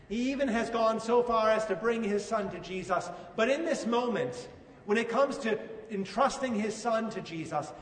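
A man with a rather high voice preaches a sermon, earnest and putting questions straight to his listeners. He sounds distant from the mic, with a long echo trailing each phrase as in a large hall. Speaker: pastor. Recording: echoey hall from far off.

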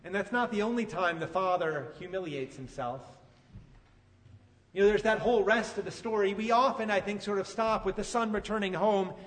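A man preaching a sermon and retelling a story with animated, emphatic delivery. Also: high-pitched, moderate pace, in a large hall. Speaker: pastor.

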